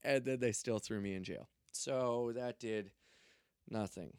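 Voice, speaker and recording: A young man spins a story in casual, profane chat, full of jokes and offhand swearing. His voice sits at an ordinary middle pitch, and the sound is dry and close, with no room around it. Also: measured pace, a little mellow, smooth, no room sound. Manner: profane, loose, joking.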